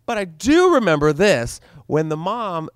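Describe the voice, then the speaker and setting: A young man casually telling a story, lively and acting out the voices of the people in it. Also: high voice, unhurried, clear, resonant tone, no echo, clean studio sound. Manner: animated, acts out voices in his stories.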